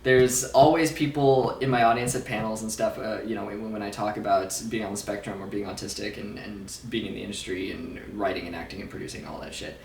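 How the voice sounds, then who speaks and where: A man's voice: fairly low pitch, fairly even intonation, brisk, gravelly, hardly any pauses, distant mic, a little hiss or hum. A man chatting casually in a vlog while recovering from surgery, rambling, swearing and joking at himself. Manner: rambling, profane and self-mocking, laughs often. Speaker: vlogger. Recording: roomy sound, away from the mic, faint ambience.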